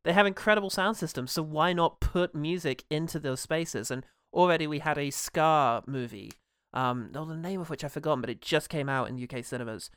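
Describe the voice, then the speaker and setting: A man's voice: fairly high pitch, brisk, hardly any pauses, fairly bright tone, clear, resonant tone, dry recording, studio quality. A man co-hosting a podcast, chatting casually and enthusiastically about a favourite film and swearing freely. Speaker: podcast co-host. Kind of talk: casual film review chat.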